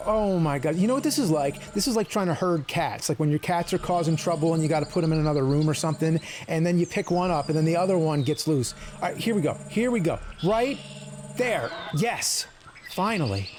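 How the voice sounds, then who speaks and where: A man giving a comedic retro game review, swearing loudly and exasperated at the game. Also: a little high, background noise. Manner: foul-mouthed, exasperated outbursts.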